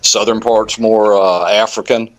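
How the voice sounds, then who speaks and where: Hesitant low-voiced male caller. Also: steady tone, a little slow. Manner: hesitant, many fillers and restarts. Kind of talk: casual call-in chat.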